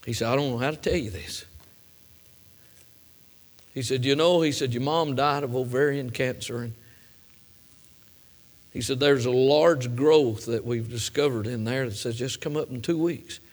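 A man's voice: mid-range voice, normal speed, pauses often. A middle-aged man preaching a sermon, telling a personal story in a folksy way that builds to fervent emphasis.

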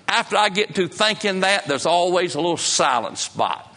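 An impassioned male preacher delivers a sermon in a bright, ringing tone. His pitch sits a little above the usual, and his folksy phrasing carries him from hushed lows up to soaring peaks. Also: animated, a little fast, hardly any pauses. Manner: folksy grammar. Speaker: pastor.

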